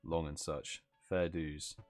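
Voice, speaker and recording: Low-voiced tired British man streaming. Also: little pitch movement, slow, a little mellow, faint music behind. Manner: chatty, reads out chat messages, yawns and laughs. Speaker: livestream host. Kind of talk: casual live stream chat.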